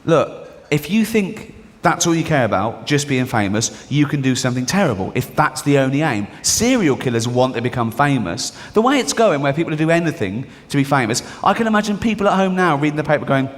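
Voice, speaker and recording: A man performing a stand-up routine, dropping into low mumbled asides and jumping up into excited high outbursts. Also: normal speed. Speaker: stand-up comedian. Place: large live venue before an audience. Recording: live stand-up in a big reverberant hall, audible audience.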